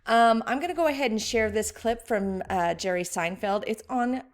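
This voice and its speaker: A woman's voice: a little high, normal speed. A woman editor teaching an online writing workshop in a casual, conversational way.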